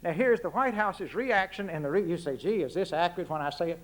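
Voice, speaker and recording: High-pitched Texan man, folksy speech. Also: lively intonation, brisk. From Texas. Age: 60s. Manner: folksy, punchy, fires rhetorical questions. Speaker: public speaker. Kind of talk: public political address. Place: university lecture hall.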